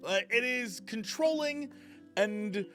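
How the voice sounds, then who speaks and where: Man, high-pitched and very animated, sarcastic, incredulous reaction commentary, faint music underneath. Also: slow pace.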